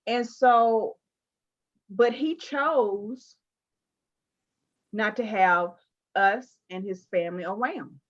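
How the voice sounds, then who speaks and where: A woman interviewing a guest, telling personal stories in an animated, emphatic way with playful asides. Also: medium pitch, very slow, pauses often, highs cut off. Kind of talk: candid conversational interview.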